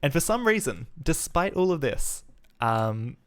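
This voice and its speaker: A man's voice: a little high, big pitch swings, measured pace, smooth. Chatty Australian man live-coding. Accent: mild South Australian. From Adelaide, Australia. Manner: chatty, thinks aloud, frequent fillers and restarts. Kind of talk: casual live-stream chat while coding.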